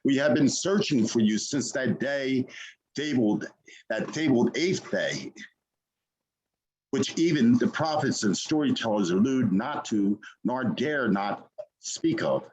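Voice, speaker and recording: A man poet on a video call who gives a hesitant spoken preface and then recites a poem in an earnest, measured way. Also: medium pitch, animated, a little mellow, low-quality recording. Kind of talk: poetry reading.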